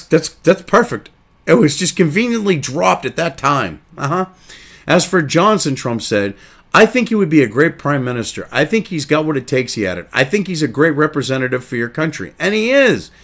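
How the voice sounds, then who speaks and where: A man's voice: fairly high pitch, big pitch swings, moderate pace, fairly bright tone. A man hosting a crude, indignant commentary show, reading news excerpts aloud and then ranting about them. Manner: reads article excerpts then reacts.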